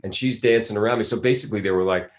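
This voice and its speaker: A man's voice: lowish voice, rapid-fire. A middle-aged man from Philadelphia, an actor giving a casual interview, rambling through stories with many restarts. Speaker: actor guest.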